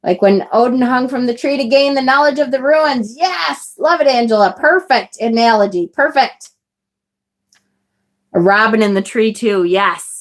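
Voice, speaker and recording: A woman's voice: a little high, moderate pace. A woman hosting a live tarot stream, chatting enthusiastically and reading viewer comments aloud. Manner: enthusiastic, chatty, swears casually. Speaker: tarot livestream host. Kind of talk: casual live-stream chat.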